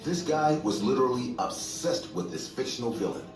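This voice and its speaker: A man narrating a scripted horror story in a steady, measured way. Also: mid-range voice. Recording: echoey distant room, faint music.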